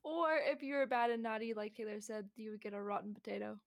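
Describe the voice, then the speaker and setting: A woman's voice: mid-range voice, quick pace. A woman co-hosting a casual podcast, joking and swearing freely as she explains folklore. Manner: giggly, swears freely, jokey asides. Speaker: podcast co-host. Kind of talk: casual chat.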